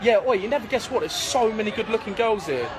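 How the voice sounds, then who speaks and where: Guy pranking people on the street, cheeky and teasing, high bouncy voice. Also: lively intonation, fast, crowd noise, background noise. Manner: cheeky, teasing, laughs often. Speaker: prank video host. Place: busy city street outdoors.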